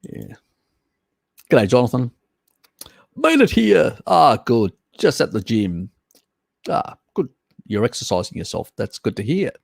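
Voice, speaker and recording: A man's voice: mid-range voice, sing-song, unhurried, vocal fry, pauses often, husky, dry recording. A man hosting a casual live stream, chatting with viewers, reading their comments aloud and calling them mate. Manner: chatty, laughs often, addresses viewers as mate.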